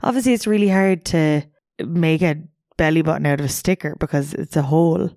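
A woman's voice: deep voice, brisk, a little mellow, no room sound, studio quality. Laughing, swearing young woman. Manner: swears freely, laughs often, playful. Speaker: podcast co-host. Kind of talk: casual chat.

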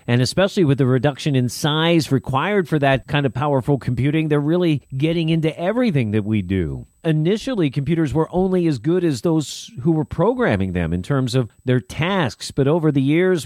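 A man's voice: mid-range voice, a little mellow, dry recording, studio quality. Upbeat middle-aged male podcast host. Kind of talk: scripted podcast introduction.

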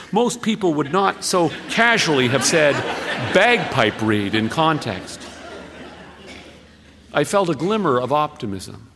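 A man tells a story on the radio at an unhurried pace, and his slightly high voice rises and falls widely. There is a gravelly edge to his tone, and the recording carries a long, hall-like reverb. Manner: slow, measured reading with expressive pauses. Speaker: storyteller reading a listener's story.

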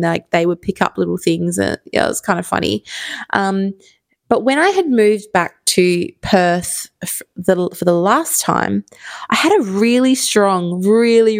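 Australian woman in her thirties, podcast host, low-ish voice with vocal fry, dry close sound, chatty and loose. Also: dry recording. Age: 30s. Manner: chatty, rambling, many fillers. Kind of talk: casual solo storytelling.

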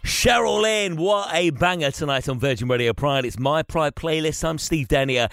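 A man's voice: a little high, moderate pace, over music. Upbeat male radio presenter. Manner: upbeat, enthusiastic interviewer. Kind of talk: radio show hosting. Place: radio studio. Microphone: studio microphone.

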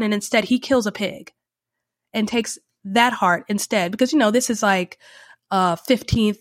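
A woman hosting a podcast, retelling a story in a chatty way with wry asides and sharp opinions. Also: mid-range voice, normal speed, no room sound, clean studio sound. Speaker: podcast host. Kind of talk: opinionated commentary.

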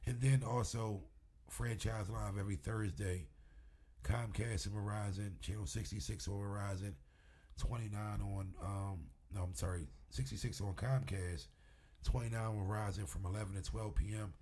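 Husky-voiced man, a lively talker. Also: fairly low pitch, moderate pace. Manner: animated storyteller, swears freely. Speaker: wrestling promoter, guest. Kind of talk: casual interview chat.

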